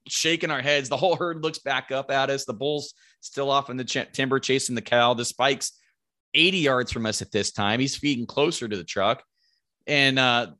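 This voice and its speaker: A man telling a hunting story in casual chat, animated and swearing freely. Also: mid-range voice.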